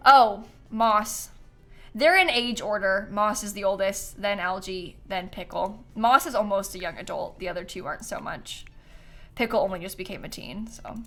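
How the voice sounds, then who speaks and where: Over quiet background music, a woman streams a game and chats in a bright-ish, mid-range voice at an even pace. Her talk is casual and story-filled, with plenty of laughter.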